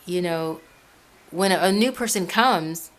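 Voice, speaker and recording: A woman's voice: on the low side, measured pace, a bit bright. Chatty woman giving rambling advice. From Ecuador. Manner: rambling, frequent restarts and repeated words. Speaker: Christian video blogger. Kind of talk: casual advice talk to viewers. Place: at home.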